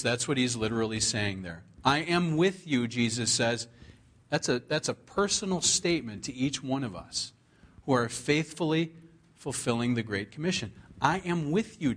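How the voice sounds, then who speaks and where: Earnest male preacher quoting scripture slowly. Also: mid-range voice, a bit bright. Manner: earnest preaching, drawn-out repeated scripture quotes; emphatic, stretches key words slowly. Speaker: pastor. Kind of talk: sermon.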